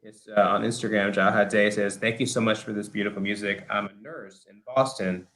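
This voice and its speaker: A man's voice: lowish voice, fairly even intonation, sharp tone. Upbeat man hosting, reading comments. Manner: upbeat and quick, reads out viewer comments. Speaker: live stream host. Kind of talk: casual chat.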